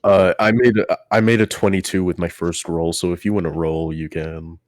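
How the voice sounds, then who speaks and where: A man's voice: sits low, level tone, moderate pace. A man playing a tabletop game, describing his character in a hesitant, casual way with fillers.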